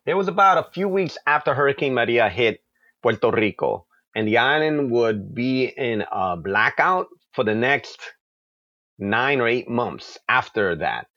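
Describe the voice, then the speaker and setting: A New York comic book creator gives an interview full of passionate storytelling that rushes along, with acted-out asides. His mid-range voice is animated, pushed and bright, and the recording is muffled with no room sound.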